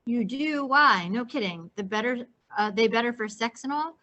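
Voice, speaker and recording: A woman's voice: on the high side, normal speed, bright, forceful tone, muffled recording. A woman reading a novel aloud, voicing a restless, blunt teenage boy who keeps pressing with eager, insistent questions. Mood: pestering, curious.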